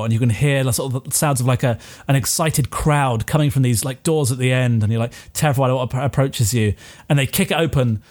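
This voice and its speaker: A man's voice: mid-range voice, darkish tone. A man running a tabletop game as game master, narrating casually with lots of fillers.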